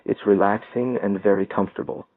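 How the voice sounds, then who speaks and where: Man, audiobook narrator, steady first-person storytelling, lowish voice, thin phone-like audio. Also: a little fast, dry recording. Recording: tinny phone-like dry sound.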